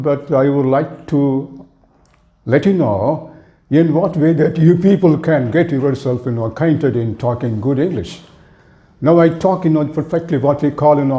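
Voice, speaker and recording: A man's voice: mid-range voice, mellow. A man with an Indian accent teaching spoken English to viewers, rambling earnestly with many "you know" fillers. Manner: earnest, addresses viewers directly.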